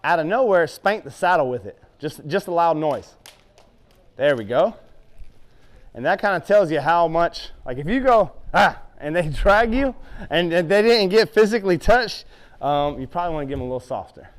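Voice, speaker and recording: A man's voice: a little high, normal speed. A middle-aged man who trains horses. He tells vivid stories and acts them out, then coaches a rider through a hands-on lesson in an arena. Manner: animated, vivid storyteller who acts out his reactions. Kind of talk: storytelling and hands-on riding instruction.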